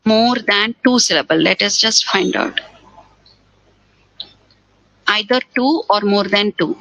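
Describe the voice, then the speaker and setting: A woman's voice: mid-range voice, takes it slowly, creaky, pushed and bright, dry recording, low-quality recording. A woman teaching a grammar lesson for exam preparation. She repeats key words and asks rhetorical questions. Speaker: English teacher.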